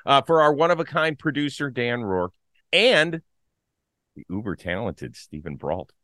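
Lively, bright-voiced male sports host. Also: medium pitch, unhurried, dry recording. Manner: lively, upbeat. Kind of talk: casual sports talk.

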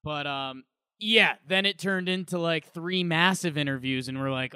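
A man co-hosting a podcast, rambling and animated in casual chat. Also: high-pitched, moderate pace, clear, resonant tone, dry recording, clean studio sound. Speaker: podcast co-host.

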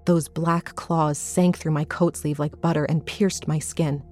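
A woman narrating a first-person horror story in a measured, suspenseful reading. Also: sits low, fairly even intonation, a little mellow, soft background music.

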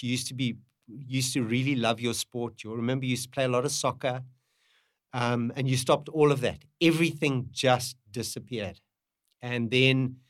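A man's voice: mid-range voice, no room sound, clean studio sound. Emotional middle-aged father. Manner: halting, emotional, repeats himself. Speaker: parent, podcast guest. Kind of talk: candid conversation.

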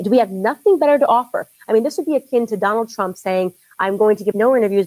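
A woman giving political commentary in a fast, emphatic, dismissive way. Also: medium pitch, darkish tone, no echo, poor audio.

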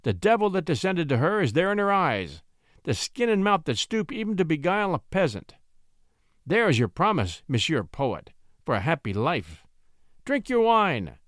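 A cruel, haughty marquis, as a male narrator puts him on, sneering and booming in a dry, close voice. The speech leaps up in pitch and loudness as he spits his contempt. A storybook villain full of venom and conceit. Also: big pitch swings, moderate pace, no room sound. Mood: sneering, menacing. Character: arrogant venomous old French nobleman.

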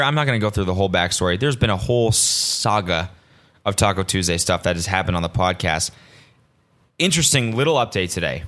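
A man hosting a solo podcast, rambling casually and swearing often, veering between excitement and deadpan asides. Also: low-pitched. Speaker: podcast host.

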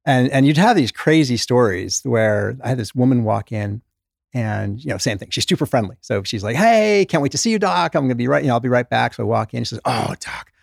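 Middle aged guy, ex doctor, rattles off stories fast and acts out his patients, dry close sound. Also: medium pitch, vocal fry, dry recording. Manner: animated storyteller who acts out patient quotes. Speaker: former doctor, author, guest. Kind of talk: conversational interview storytelling.

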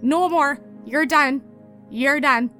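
A blunt, tough shapeshifter woman, played by a woman barks out brash scoldings. Her voice runs high, with faint music underneath. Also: expressive, fast.

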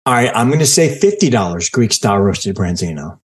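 A man hosting a podcast in casual chat, teasing and deadpan sarcastic. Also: fairly low pitch, brisk. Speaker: podcast host.

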